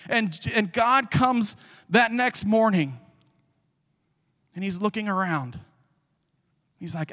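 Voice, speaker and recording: A male guest speaker preaching a sermon, telling the story with animated energy and dropping to hushed tones for scripture. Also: high-pitched, slow pace, pauses often, long reverb tail.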